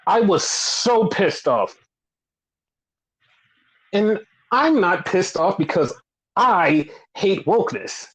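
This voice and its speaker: A man's voice: sits high, lively intonation, slow pace, pauses often, a bit bright, rough recording. A man hosting a wrestling podcast, swearing freely as he goes on a heated rant in casual commentary. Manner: profane, heated ranting.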